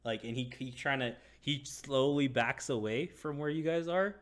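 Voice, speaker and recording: Man, game master, casual narration, halting, mid-pitched. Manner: casual, halting, lots of fillers.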